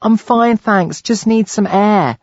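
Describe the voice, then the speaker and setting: A man voicing a young British woman student who is tipsy and dizzy, in a light falsetto. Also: slow, no room sound, lo-fi sound. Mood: polite.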